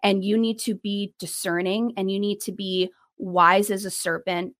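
A young woman talks as a guest on a podcast, giving earnest, practical advice in a mid-pitched voice. She acts out quoted conversations with a brighter, lifted tone. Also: moderate pace. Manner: animated, acts out quoted dialogue with rising pitch.

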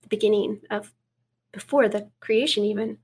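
A woman guest speaking earnestly in an interview, reading scripture aloud and dropping to a hush for quoted words. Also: mid-range voice, normal speed, slightly rough. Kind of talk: preaching in an interview.

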